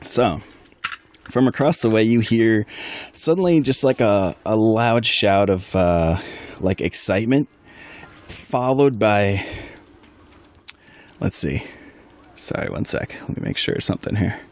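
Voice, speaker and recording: A man narrates as game master in a lowish voice that swings up and down with lively pitch. He rambles along casually and adds side remarks as he sets the scene. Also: measured pace, long pauses. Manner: rambling, chatty, many fillers and asides. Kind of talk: narrating a tabletop role-play.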